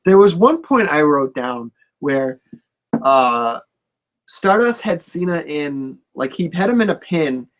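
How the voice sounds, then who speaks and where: A man co-hosting a casual wrestling talk show, relaxed, with short agreeing replies and dry jokes. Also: on the high side, slow. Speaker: wrestling podcast co-host. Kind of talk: casual chat.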